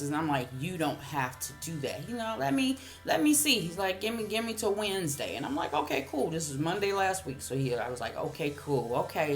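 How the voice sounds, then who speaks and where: A woman with a blunt, profane manner, casually telling a heated story about a neighbor, as a vlogger. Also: deep voice.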